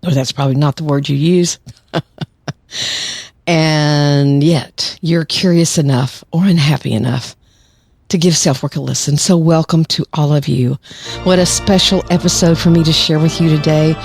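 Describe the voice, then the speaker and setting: A woman's voice: low voice, fairly even intonation, normal speed, darkish tone, husky, no echo, studio quality, soft background music. A woman in her sixties, a psychologist who hosts a podcast, speaking in a chatty monologue with light laughs. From United States. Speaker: podcast host, clinical psychologist.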